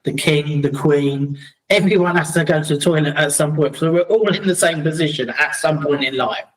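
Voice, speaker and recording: Animated South London man, higher voice. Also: moderate pace, poor audio. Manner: animated, acts out quoted voices. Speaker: podcast guest. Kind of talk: casual storytelling chat.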